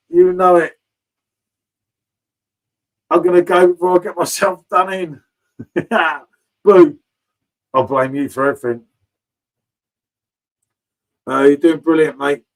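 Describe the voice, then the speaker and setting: Chatty bloke saying mate a lot. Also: male voice, on the high side, rough recording. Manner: chatty, swears freely, calls everyone mate. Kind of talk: casual live-stream chat. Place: home bar.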